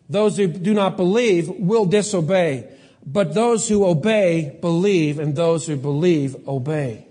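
A man preaching a sermon, asking rhetorical questions and slowing down to stress key words. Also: high voice, dark tone. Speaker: pastor.

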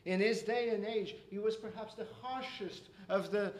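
A man with a notably high voice delivers an expository sermon. He speaks earnestly, often hesitating and restarting mid-phrase. He slows down and lifts his voice when he wants a point to land. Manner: slows and rises for emphasis. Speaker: preacher.

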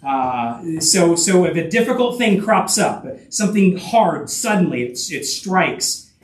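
A man preaching a sermon, halting and full of restarts, asking his listeners rhetorical questions. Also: high voice, very animated, roomy sound, distant mic, low-quality recording. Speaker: pastor.

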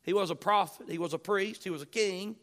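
Male pastor, high voice, sermon, emphatic repetition, scripture quotes. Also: brisk, fairly bright tone. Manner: preaching with swelling emphasis and repetition; quotes scripture in King James wording.

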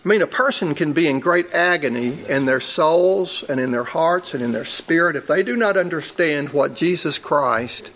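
A man's voice: fairly high pitch, normal speed, few pauses, a bit bright, a little hiss or hum. A man, a church elder, preaching a sermon in a conversational storytelling way and chuckling at his own stories.

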